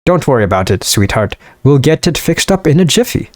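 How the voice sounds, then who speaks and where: A man putting on a rough Scottish accent to voice a jovial, hearty dwarf miner from a fantasy game. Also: medium pitch, big pitch swings, fairly quick, lightly acted. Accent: put-on Scottish. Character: gruff middle-aged male dwarf miner, jovial.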